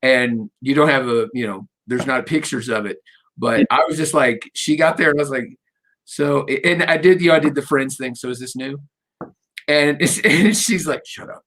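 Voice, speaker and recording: A middle-aged man hosting a casual interview, rambling warmly through personal stories and cracking jokes. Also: mid-range voice, normal speed. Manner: rambling, storytelling, jokey. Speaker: radio show host.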